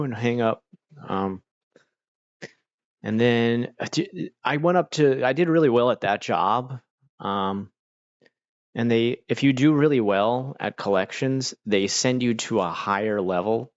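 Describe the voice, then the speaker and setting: A man's voice: mid-range voice, measured pace, dry recording, dull audio. A man casually telling rambling stories on a chill stream, loose and full of fillers.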